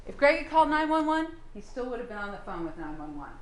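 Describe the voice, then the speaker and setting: A woman's voice: medium pitch, sing-song, quick pace, echoey room. A woman prosecutor delivering a courtroom closing argument, firing pointed rhetorical questions at the jury.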